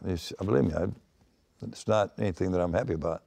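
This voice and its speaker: This retired baseball manager, an older man being interviewed, sits low in pitch with a warm, creaky voice and talks fairly quickly. He spins rambling anecdotes, often starting over and acting out what people said.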